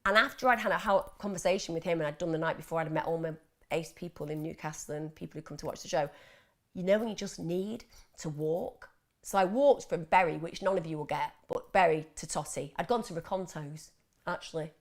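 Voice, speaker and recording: A woman's voice: sits low, brisk. A woman hosting a live mental health Q&A, chatting casually and reading out viewer questions. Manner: chatty, animated, laughs often, mimics voices. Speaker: host of a mental health Q&A livestream.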